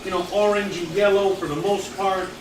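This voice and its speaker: A man with a high-sitting voice and steady tone hosts a casual live cooking demo at a moderate pace, chatting and getting easily distracted as he works in his home kitchen. The mic is far off, picking up roomy echo and background noise.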